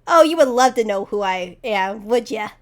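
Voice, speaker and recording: A woman's voice: medium pitch, lively intonation, moderate pace, natural voice. Woman doing an old-timey teasing male entity.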